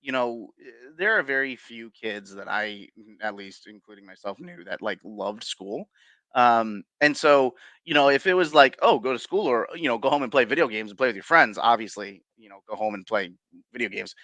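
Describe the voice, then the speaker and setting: A man's voice: medium pitch, expressive, normal speed, pushed and bright, no echo. A man being interviewed as a paranormal investigator, telling his stories casually with many fillers, restarts and chuckles.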